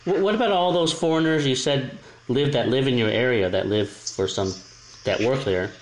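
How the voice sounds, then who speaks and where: A man's voice: mid-range voice, moderate pace, slight background noise, low-quality recording. A man in casual conversation who talks hesitantly, often restarting and repeating words. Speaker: conversation partner. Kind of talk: casual chat.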